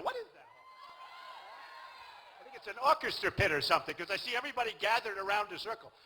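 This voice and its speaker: A man's voice: high-pitched, pushed and bright, a little hiss or hum, rough recording. A man, giving a boastful, rambling and repetitive rally speech. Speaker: political candidate at a rally. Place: large outdoor rally venue.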